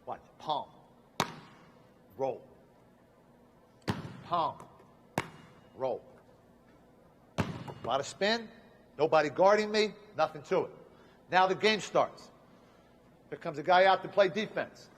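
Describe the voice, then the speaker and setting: A man's voice: on the high side, expressive, slow, long pauses. A man coaching basketball players through a shooting demonstration, talking emphatically in short repeated commands on an indoor court. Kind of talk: instructional demonstration. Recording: long reverb of a gym.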